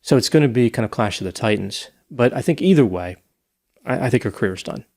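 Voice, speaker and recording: A man's voice: mid-range voice, lively intonation, brisk, a little mellow. A man co-hosting a casual podcast discussion, thinking aloud and hedging with "I think" and "you know.". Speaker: podcast co-host.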